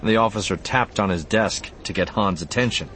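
A man's voice: fairly low pitch, normal speed, fairly bright tone, slight background noise. A man narrating an audiobook expressively, voicing the character lines too.

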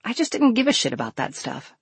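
A woman's voice: fairly high pitch, big pitch swings, quick pace, vocal fry, slightly rough, dry recording. A woman reading quotes in an oral history audiobook, naming each speaker and then speaking in a candid, conversational way. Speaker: audiobook reader.

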